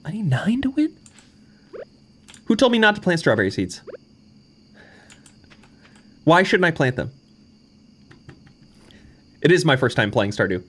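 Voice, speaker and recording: A man streaming a farming game live, reacting loudly and reading the on-screen text aloud, with frequent laughs and yelps. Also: fairly high pitch, sing-song, unhurried, long pauses, a little hiss or hum. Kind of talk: live gameplay commentary.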